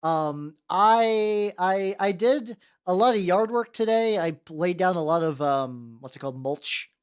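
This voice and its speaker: This is a VTuber host chatting loosely on a livestream while painting miniatures. The talk wanders between topics, greets viewers one by one and throws in casual curses, all in a mid-range pitch. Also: lively intonation, measured pace, clean tone. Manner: rambling, greets chat by name, swears casually.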